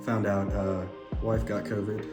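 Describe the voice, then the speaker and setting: A man's voice: on the low side, level tone, measured pace. A man who is losing his voice, joking and hyping himself up in a casual vlog before a job interview. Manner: upbeat, joking, hypes himself up. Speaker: job candidate and channel host. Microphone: podcast microphone. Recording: roomy sound with music behind.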